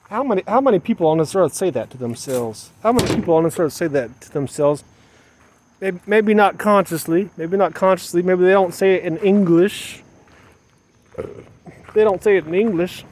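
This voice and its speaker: High-pitched and darkish, this man's voice runs at normal speed over a slight hiss or hum. He's a vlogger in a mother persona, addressing the camera outdoors at dusk as he sets up solar gear. Rambling to himself, he repeats phrases and goes from muttering to agitated outbursts.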